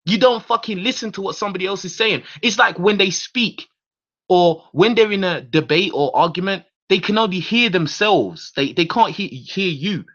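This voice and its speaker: A man's voice: high voice, expressive, normal speed, a bit bright. A man hosting his own radio show, ranting in a heated, profane monologue full of repeated words and restarts. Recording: dull lo-fi recording.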